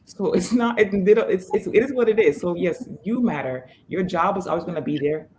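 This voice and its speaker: A woman's voice: fairly low pitch, a little mellow, slight background noise. A woman fitness trainer speaking as an interview guest, emphatic and motivational, over a video call. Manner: emphatic, motivational, fast restarts.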